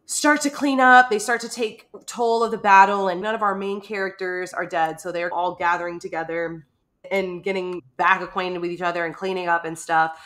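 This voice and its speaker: Woman, podcast co-host, chatty book talk, bright clear tone, acts out quotes. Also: on the low side. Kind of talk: casual book discussion.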